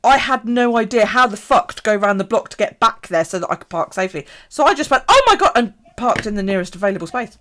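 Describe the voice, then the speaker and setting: A woman's voice: medium pitch, quick pace, few pauses, a bit bright, a little hiss or hum. A woman telling a story on a casual live stream, swearing freely and laughing as she goes. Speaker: bullet journal live streamer.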